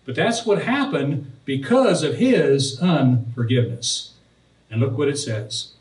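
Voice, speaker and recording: A pastor preaching, telling a personal story and then reading and explaining scripture verses. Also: male voice, mid-range voice, animated, a little slow. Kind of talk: sermon. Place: church sanctuary. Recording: roomy, distant from the mic.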